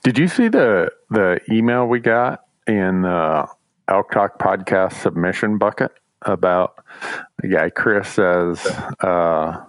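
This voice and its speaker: Laid-back low-voiced man on a dry mic. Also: animated, takes it slowly, dry recording. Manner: laid-back, chuckles often. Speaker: podcast co-host. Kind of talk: casual chat.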